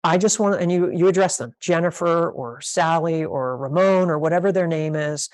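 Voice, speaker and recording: A woman pastor with a fairly low voice leads a master class for church leaders. She speaks emphatically, drives points home by repeating key phrases, and now and then acts out how a conversation should sound. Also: moderate pace, hardly any pauses, darkish tone. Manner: emphatic, repeats key phrases, role-plays sample talks.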